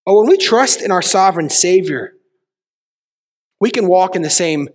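A man's voice: high voice, animated, normal speed, pauses often. A man preaching a sermon to a small church, driving his points with repeated rhetorical questions. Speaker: pastor. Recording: long reverb of a church hall.

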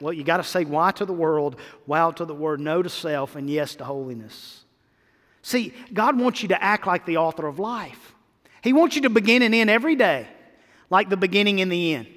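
A man's voice: high voice, fairly bright tone, long reverb tail. A male pastor preaching a sermon to his church, building emphatic repeated phrases. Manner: preaching with rising, emphatic repetition.

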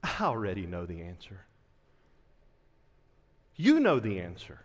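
A man preaching a sermon as a pastor, impassioned, dropping to a hush at times. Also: deep voice, wildly swooping pitch, a little slow, in a large hall.

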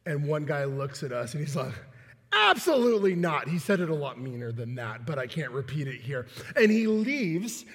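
Young guy preaching, husky voice, big echoey church hall, acts out the voices. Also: mid-range voice, moderate pace, few pauses. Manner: animated, acts out quoted voices with laughs. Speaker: pastor. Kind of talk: sermon with storytelling. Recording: long hall reverb.

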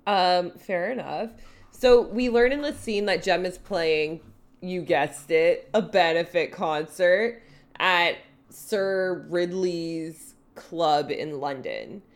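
A woman's voice: on the low side, takes it slowly. A woman co-hosting a podcast, recapping a TV episode in casual chat with a dry, wry manner. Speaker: podcast co-host.

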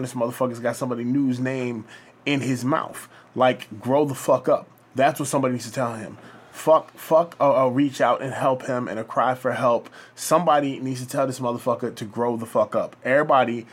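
A man co-hosting a podcast, ranting heatedly in casual chat with heavy cursing. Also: medium pitch. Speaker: podcast co-host.

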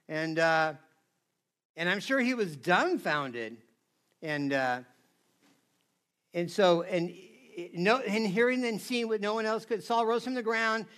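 Here a pastor with a very high, sharp voice gives a relaxed, chatty sermon. He talks conversationally and keeps turning to his listeners with "right?"

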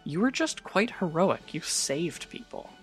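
Slow, low-voiced woman game master. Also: very animated, faint music behind. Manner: measured, descriptive. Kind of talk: narrating a tabletop game.

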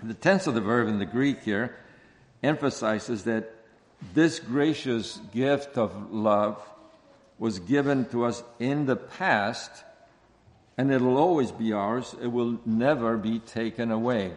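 A man preaching an expository sermon, speaking slowly and deliberately and repeating key phrases for emphasis. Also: mid-range voice. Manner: slow, deliberate preaching with stressed repetitions. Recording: long hall reverb.

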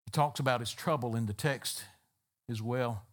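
A man's voice: mid-range voice, fairly even intonation, unhurried, a bit bright. A man preaching a sermon as a pastor, building emphatic repeated phrases. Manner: emphatic, repetitive preaching cadence.

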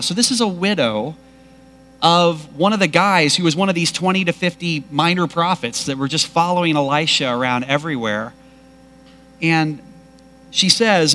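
Bright-voiced man preaching with emphasis. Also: a little high. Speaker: pastor. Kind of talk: sermon.

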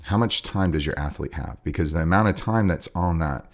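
Casting: a man with a Southern accent and a very low voice, who chats casually as a podcast co-host about coaching and sometimes breaks into a mock sideline yell. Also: fairly quick. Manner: acts out coaches yelling from the sidelines.

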